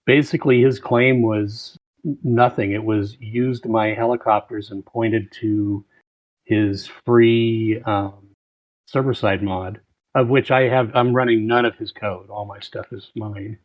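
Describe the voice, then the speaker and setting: A man's voice: fairly low pitch, steady tone, measured pace, lo-fi sound. A man talking as a podcast guest, explaining steadily with frequent ums and uhs. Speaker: guest mod developer. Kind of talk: casual podcast chat.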